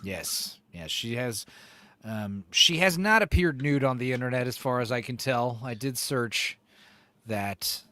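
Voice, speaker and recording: A man's voice: medium pitch, animated, unhurried, pushed and bright, no echo. A man hosting a livestream in casual chat, jokey and profane, rambling between topics. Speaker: livestream host. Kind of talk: casual chat reacting to a video.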